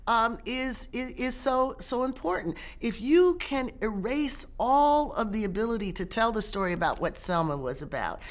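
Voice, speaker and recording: Measured professor woman, halting restarts. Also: a little high, big pitch swings. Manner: measured, with frequent restarts and pauses. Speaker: guest, professor and author. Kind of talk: interview answers.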